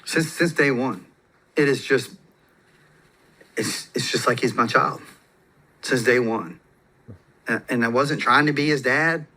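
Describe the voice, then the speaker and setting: Man telling stories with a bright voice. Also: mid-range voice, a little slow, pauses often. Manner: relaxed, rambling, with frequent fillers and restarts. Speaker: podcast guest. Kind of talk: casual storytelling.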